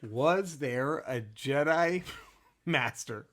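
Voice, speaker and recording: A man's voice: medium pitch, animated, extremely slow, a bit bright. A man co-hosting a podcast, chatting in a crude, profane, joking way. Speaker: podcast co-host. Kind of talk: casual comedic chat.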